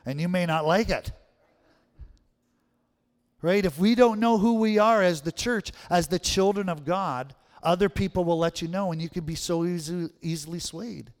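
In a church sanctuary with a big-room sound, a male pastor speaks at a moderate pace in a voice that sits high. He delivers his sermon conversationally, often pausing to ask the congregation "right?"

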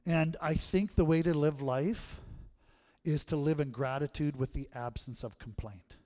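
A middle-aged man preaching a sermon as pastor, swinging from hushed tones to loud, emphatic calls. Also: fairly high pitch, unhurried. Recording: long hall reverb.

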